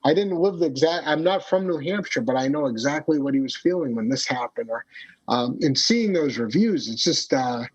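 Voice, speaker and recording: A man's voice: medium pitch, animated, moderate pace, breathy edge. A man who is a storyteller and comedian, a guest on a podcast, talking in casual conversation with many fillers and restarts. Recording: dull lo-fi podcast audio.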